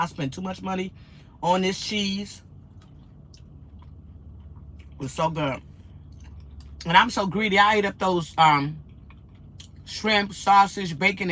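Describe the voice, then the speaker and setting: A woman, vlogging in an animated, chatty way and telling stories. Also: lowish voice, breathy edge. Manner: animated, laughs often, acts out quotes. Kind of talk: casual chatty storytelling.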